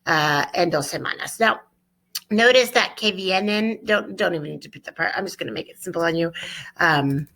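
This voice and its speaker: Bright-voiced woman teaching Spanish. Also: fairly low pitch. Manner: upbeat, drills phrases slowly for repetition. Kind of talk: online classroom lesson.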